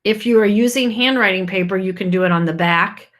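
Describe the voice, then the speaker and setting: A woman teacher dictating a first grade spelling test, saying each word clearly and repeating it in a sample sentence. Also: medium pitch, a little fast.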